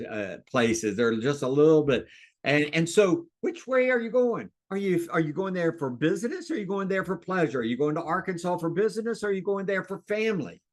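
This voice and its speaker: Fired-up male sales coach. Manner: excited, fired-up delivery with big swings in pitch and loudness. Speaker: real estate sales coach. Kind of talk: webinar coaching talk.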